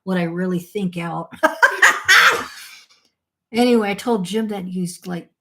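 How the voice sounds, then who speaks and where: A woman's voice: fairly low pitch, normal speed, darkish tone. A woman co-hosting a podcast over a call, telling rambling stories in casual chat and swearing freely. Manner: candid, rambling storyteller who swears freely. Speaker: podcast co-host. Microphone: phone or call audio.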